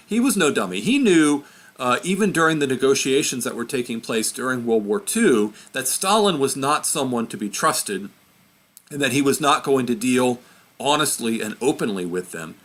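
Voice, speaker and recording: A man's voice: mid-range voice, very animated, moderate pace, a bit bright. A man giving an informal history lesson, chatty and self-correcting as he points at a map. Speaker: history teacher.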